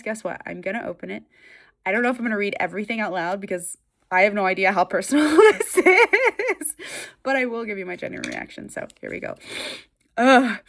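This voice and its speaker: A woman's voice: on the high side, fairly bright tone. A woman vlogger chatting casually to camera, giggly and emotional, tearful at times, with lots of fillers.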